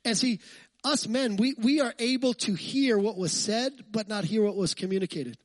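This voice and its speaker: A man pastor preaching a lively, conversational sermon, full of jokes and asides to the congregation. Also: high voice, normal speed, dry recording.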